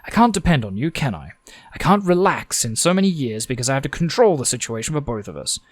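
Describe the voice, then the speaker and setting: Aussie guy doing a shrill fed-up wife nagging about her pills, voice swooping all over, dry close sound. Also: big pitch swings, fast talker, no room sound. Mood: exasperated. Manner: shrill, exasperated scolding. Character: nagging frustrated middle-aged woman.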